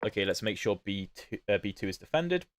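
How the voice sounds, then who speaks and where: A chatty British man streams his chess games and answers viewers' questions as he plays. His voice sits fairly low. The sound is dry and close, with no room echo. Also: very animated, a little fast. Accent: British, not fully standard. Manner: chatty, answers chat questions while playing. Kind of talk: casual livestream commentary.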